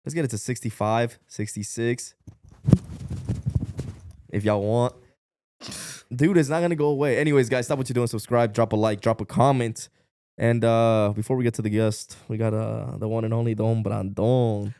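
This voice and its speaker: A man's voice: medium pitch, fairly even intonation, moderate pace, dark tone, clear, resonant tone. A man co-hosting a podcast, talking casually to viewers and asking them to subscribe. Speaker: podcast co-host.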